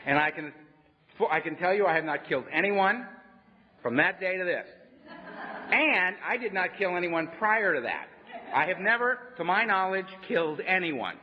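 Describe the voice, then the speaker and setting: A man speaking at a recovery meeting, telling his story conversationally with wry humor and frequent "right?". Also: on the high side. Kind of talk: personal recovery talk to a meeting. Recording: dull lo-fi sound in a reverberant hall.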